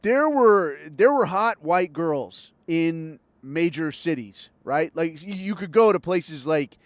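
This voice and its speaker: A man's voice: fairly high pitch, expressive, slow, no room sound. An older man from Southern California hosts a podcast, ranting angrily and sarcastically with constant swearing while he drives. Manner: angry, profane, sarcastic. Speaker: podcast host. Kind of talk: profane ranting monologue. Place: in a car while driving.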